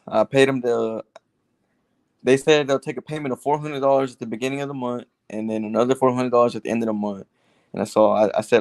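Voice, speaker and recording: A man's voice: mid-range voice, steady tone, a little fast, darkish tone, no room sound. A man seeking advice, telling his story at length with restarts. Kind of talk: casual conversation.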